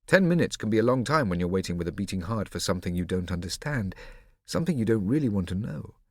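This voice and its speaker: A man with a lowish voice narrates an audiobook from a script, telling the story in a measured, expressive way. The studio sound is clean, with no echo.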